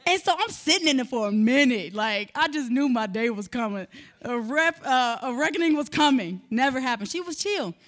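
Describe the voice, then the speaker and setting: Animated high-voiced woman. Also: moderate pace. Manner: animated storyteller, addresses listeners directly. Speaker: speaker teaching on parenting. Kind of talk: sermon-style talk with personal story.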